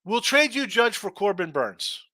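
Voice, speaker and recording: A middle-aged man hosts a sports betting stream in a bright, forceful voice that sits a little high. He talks bluntly and rants with animation as he works through viewer comments. The sound is dry and close. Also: sing-song, measured pace, no echo. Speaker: sports betting show host. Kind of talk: casual live-stream chat reading viewer comments.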